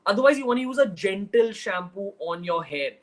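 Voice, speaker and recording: High-voiced Mumbai man, chatty livestream host. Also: expressive, a little fast, low-quality recording. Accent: Mumbai Indian English. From Mumbai, India. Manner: chatty, direct, switches into Hindi phrases. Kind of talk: casual livestream Q&A.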